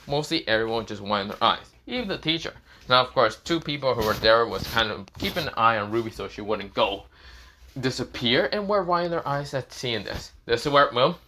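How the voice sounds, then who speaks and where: A man's voice: mid-range voice, pushed and bright, slight background noise. A young man improvising a fan story as narrator, rambling with many fillers and restarts.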